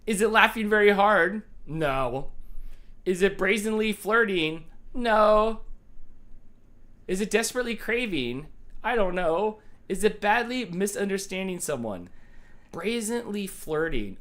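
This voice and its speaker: A man's voice: sits high, animated, unhurried, fairly bright tone. A man hosting a live trivia stream, joking and bantering with hammy asides. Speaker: game show host.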